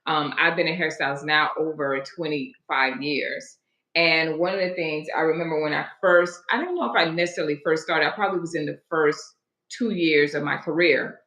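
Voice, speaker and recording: A woman's voice: low voice, moderate pace, fairly bright tone. A woman in her forties, a hairstylist hosting a live stream, telling a story in a chatty, digressive way and greeting viewers along the way. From Florida. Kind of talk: casual storytelling to a live audience. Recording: echoey room.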